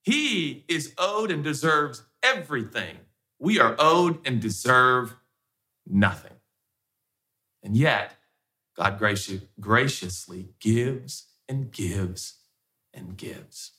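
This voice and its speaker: A man's voice: medium pitch, expressive, slow pace, sharp tone. A male pastor preaching a conversational sermon, firing off repeated rhetorical questions.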